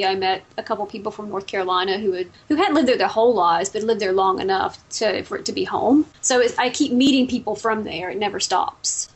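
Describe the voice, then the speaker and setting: A woman's voice: mid-range voice, slightly rough. A woman from the American South with a Southern American accent, a guest in a casual interview. She talks chattily and tells stories, restarting her sentences often. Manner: chatty, warm storytelling with frequent restarts.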